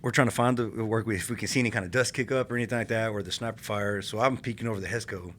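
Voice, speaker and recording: A man from California, a retired army infantryman, telling war stories in a casual podcast interview, animated and laughing as he talks. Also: on the low side, rapid-fire, a little hiss or hum.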